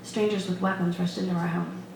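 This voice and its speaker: A woman author reading her own first-person story aloud at a live event, in a measured storytelling manner. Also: fairly low pitch, fairly even intonation, noisy background. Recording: echoey room from a distant mic. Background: bar room chatter.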